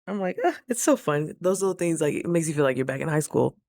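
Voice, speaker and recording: A woman vlogger casually telling a story in a playful, expressive way. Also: low voice, racing, creaky, no room sound, clean studio sound.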